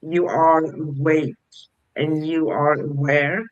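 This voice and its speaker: A woman's voice: deep voice, flat delivery, dull audio. A woman co-hosting a casual spiritual chat, speaking in an affirming way and often checking in with "right?". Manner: slow, affirming, asks "right?". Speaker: co-host.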